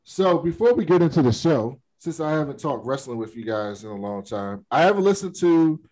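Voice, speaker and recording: A man's voice: a little high, a little fast, rough recording. A man co-hosting a podcast in casual chat, retelling a story and often laughing as he talks. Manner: animated retelling of a conversation. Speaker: podcast co-host.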